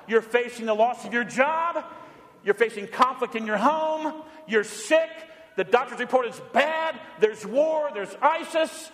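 A middle-aged pastor with a high voice preaches with emphasis, slowing down to lead the congregation in repeated lines. His voice carries a long reverb from the church sanctuary. The delivery is a full sermon. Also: lively intonation, a bit bright.

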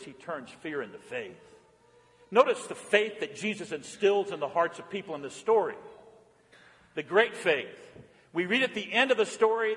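A man preaching a sermon as pastor, swinging from lively and playful to hushed and earnest. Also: on the high side, in a large hall. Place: church.

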